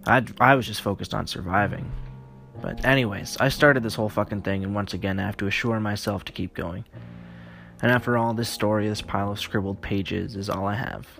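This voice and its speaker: A man's voice: lowish voice, steady tone, fairly quick, creaky, a bit bright, faint music behind. A man narrating a horror story in a weary, profane first-person voice.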